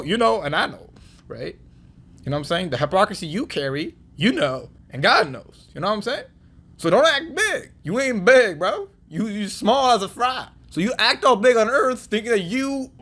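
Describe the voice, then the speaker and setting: Guy with a pretty high voice ranting and scolding in slang, mocking everything he watches. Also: a bit bright, slightly rough. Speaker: reaction video commentator. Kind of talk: casual ranting commentary.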